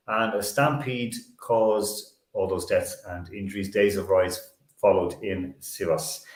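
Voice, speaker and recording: A man's voice: on the low side, darkish tone, echoey room. Rambling man hosting a sports show. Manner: rambling, self-correcting storyteller. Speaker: sports talk show host. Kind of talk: casual sports talk.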